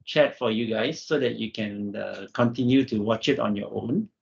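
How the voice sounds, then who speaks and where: Gravelly male online session host. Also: on the low side, normal speed. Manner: filler-heavy, says "right" and "all right". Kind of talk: wrapping up a live session. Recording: dull lo-fi stream audio.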